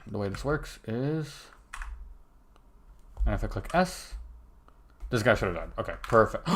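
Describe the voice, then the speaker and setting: Against keyboard typing and mouse clicks, a young game developer streams his coding, muttering casual commentary and cutting himself off mid-sentence. His lowish, somewhat bright voice is animated yet unhurried, and there's a little hiss or hum.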